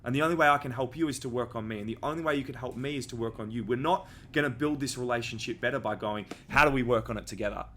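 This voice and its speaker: A man's voice: medium pitch, very fast, few pauses, fairly bright tone, a little hiss or hum. Young man, podcast host, candid storytelling, casual and profane, mid-range voice.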